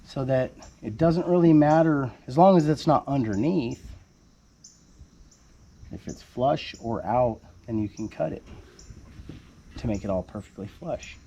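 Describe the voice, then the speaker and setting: A homesteader building his house casually explains the construction work at his site, joking around and calling the viewer "baby cakes." His husky, mid-range voice has a dark tone and a measured pace with frequent pauses, and the recording is muffled.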